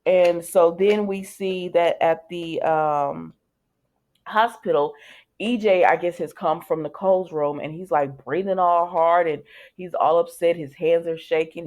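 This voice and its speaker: A woman's voice: lowish voice, steady tone, measured pace, a little mellow. A woman giving a casual, rambling spoken recap of a soap opera episode, with many fillers, restarts and chatty asides.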